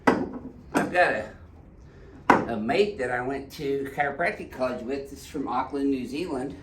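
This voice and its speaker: Man, chiropractor, reassuring banter, mid pitch, echoey room, off-mic with background noise. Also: unhurried, a bit bright, far from the mic. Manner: joking, reassuring, giving instructions. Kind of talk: casual chat while treating a patient. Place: treatment room in a clinic.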